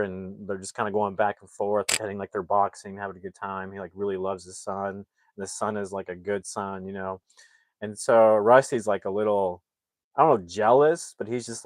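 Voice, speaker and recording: A man casually recapping a movie plot, rambling and acting out the characters' lines in quick impressions. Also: lowish voice, no echo. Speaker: movie reviewer.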